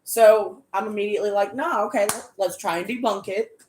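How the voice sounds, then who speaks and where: A woman casually recapping a tabletop horror game, animated and swearing freely. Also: mid-range voice, brisk, echoey room, a little hiss or hum.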